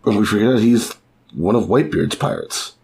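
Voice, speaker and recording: A man's voice: lowish voice, lively intonation, fairly quick, a little mellow, slightly rough. A man in casual podcast chat, talking loosely with frequent swearing and trailing thoughts. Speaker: co-host, first-time reader.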